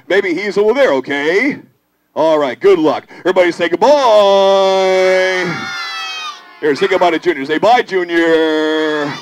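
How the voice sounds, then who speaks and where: A puppeteer voicing a protective lion parent in a live children's puppet show, speaking slowly and apologetically. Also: medium pitch, close to an everyday voice. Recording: live show with audience and music.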